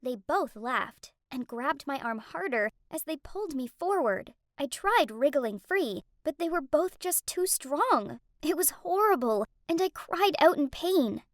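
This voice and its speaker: A woman tells a first-person animated story with strong emotion. Her voice is high and swings widely in pitch. The recording is dry and close, with no room sound. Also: measured pace, hardly any pauses, no room sound. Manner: emotional, dramatic. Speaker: narrator.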